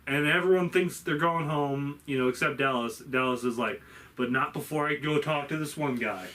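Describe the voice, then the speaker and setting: A man's voice: on the high side, normal speed, bright, forceful tone. Profane rambling man retelling a movie. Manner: rambling and profane, acts out lines from the film. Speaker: movie reviewer. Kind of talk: casual spoiler review chat.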